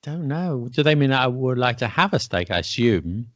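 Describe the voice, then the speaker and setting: A man's voice: mid-range voice, sing-song, moderate pace, no room sound. A British man co-hosting a casual chat, musing aloud and answering with questions back. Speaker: podcast co-host. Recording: dry, dull lo-fi audio.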